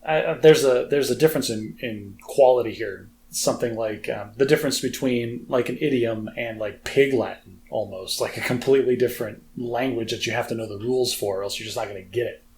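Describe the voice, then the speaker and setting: Man, mid-pitched voice, podcast co-host, teasing banter, slight noise behind. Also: a little fast, hardly any pauses, darkish tone. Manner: wry, teasing. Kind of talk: casual podcast chat.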